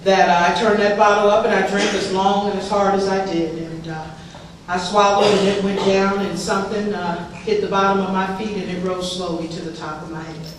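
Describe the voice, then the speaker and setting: A woman in her forties shares her recovery story with an audience in a lively, humorous way, often laughing as she talks. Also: medium pitch, a little fast. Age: 40s. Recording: echoey room, distant mic, background noise.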